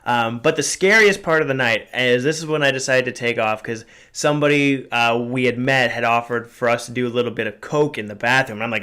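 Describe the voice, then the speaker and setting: Young man, podcast host, casual storytelling, swears a lot, rambling, mid-pitched voice. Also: fairly quick, few pauses, bright, forceful tone, clear, resonant tone. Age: 20s. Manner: profane, rambling, with many fillers and restarts.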